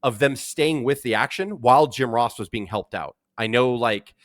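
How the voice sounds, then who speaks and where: A man hosting a podcast in casual chat, talking in an excited, rambling way with many restarts. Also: mid-range voice, moderate pace, no room sound, studio quality. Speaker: podcast host. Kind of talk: casual chat recapping wrestling.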